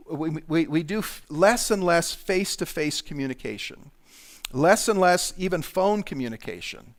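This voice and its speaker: Pastor, middle-aged man, slightly high voice, relaxed conversational sermon with asides. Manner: conversational preaching with asides and restarts.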